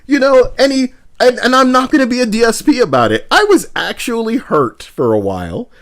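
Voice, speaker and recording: Live-streaming alongside a co-host, a man talks casually and animatedly, swinging from loud outbursts to muttering and frequent swearing. His voice is extremely high-pitched and brisk.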